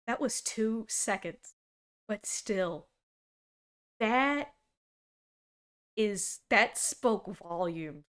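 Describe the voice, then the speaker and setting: A young woman in her twenties reacting on a stream in casual talk. She drifts between dry sarcasm and bursts of laughter. Her voice sits in a middle pitch for a woman. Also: extremely slow, pauses often, clear, resonant tone. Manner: animated, laughs a lot, sarcastic.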